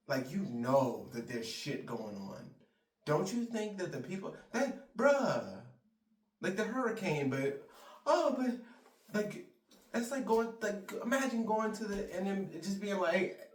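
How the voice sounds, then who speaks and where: A man's voice: a little high, lively intonation, a little slow. A man ranting in a heated, profane, rambling monologue, recorded in a roomy space from a distance. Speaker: vlogger. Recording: roomy sound, mic far off.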